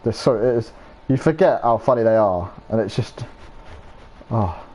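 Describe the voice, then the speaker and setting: A man's voice: fairly low pitch, expressive, normal speed, warm tone, poor audio. Rambling young guy gaming. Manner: rambling, swears freely, loses his train of thought. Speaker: streamer. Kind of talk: casual chat while gaming.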